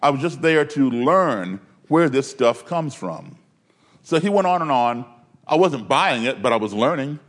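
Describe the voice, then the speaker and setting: A man's voice: medium pitch, animated, measured pace. A man from Maryland telling a personal story in a conversational way, with fillers and restarts. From Maryland, USA.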